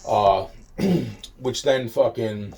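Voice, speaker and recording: A man's voice: medium pitch, very slow, vocal fry, darkish tone. A man delivering a rambling, agitated monologue, swearing constantly and repeating himself. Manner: profane, agitated, repetitive ranting.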